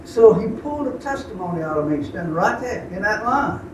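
A man's voice: high voice, animated, brisk, noisy background. An older man preaching a sermon, telling a story in a folksy, drawling way. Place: camp meeting hall. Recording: echoey, distant, dull camp room recording.

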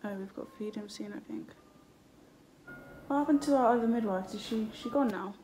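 Here the new-mum vlogger from the UK sounds brisk and warm in a mid-range voice, soft music playing behind her as she chats casually to a phone camera in her hospital room. Though tired and short of breath, she keeps talking and bursts out laughing. The recording is low quality, with hiss and room noise.

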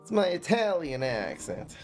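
Guy streaming a card game, very animated up and down voice, faint music behind. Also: a little high, measured pace. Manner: chatty, thinks aloud while playing. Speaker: gaming streamer. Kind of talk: live game commentary.

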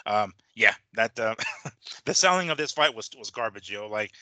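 A man's voice: lowish voice, lively intonation, moderate pace, pushed and bright, no echo. A man co-hosting a boxing chat show, talking sarcastically with casual swearing.

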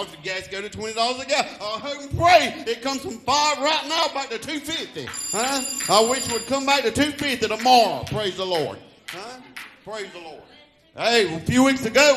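A man's voice: high voice, fairly bright tone. A male pastor preaching fervently in church, often calling out "Huh?" to the congregation. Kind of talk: sermon.

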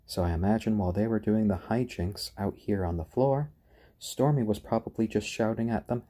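A man hosting a casual live stream, chatting gently and cooing to his pet birds. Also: fairly low pitch, fairly quick. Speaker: stream host.

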